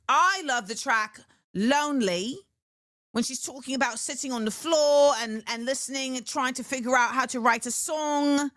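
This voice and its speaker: This talk show host's voice is on the high side and moves at a moderate pace, recorded at studio quality without echo. Lively and casual, she discusses music on a livestream, answers viewer comments, and bursts into snatches of song.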